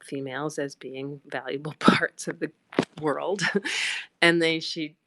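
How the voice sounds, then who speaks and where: A woman's voice: sits low, fairly even intonation, takes it slowly, noisy background. A middle-aged woman telling a rambling personal story on a phone livestream, full of fillers and acted-out quotes. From United States. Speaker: livestream host.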